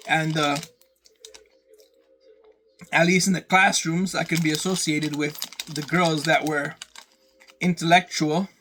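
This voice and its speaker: High-voiced man on a profane rant. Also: pushed and bright, slight background noise. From Canada. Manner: profane, rambling, repeats himself. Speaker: vlogger. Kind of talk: casual rant to camera.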